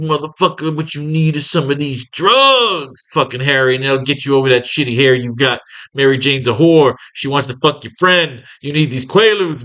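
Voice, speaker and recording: A sleazy, crude drug pusher wheedles in a high, bright voice, played by a man reading a comic scene. He draws out his words and sounds slippery.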